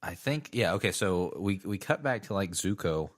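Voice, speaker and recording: A man with a very deep voice co-hosts a casual podcast. He rambles through a recap in a laid-back way with plenty of pauses and fillers. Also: expressive. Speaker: podcast co-host. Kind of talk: casual chat recapping a cartoon episode.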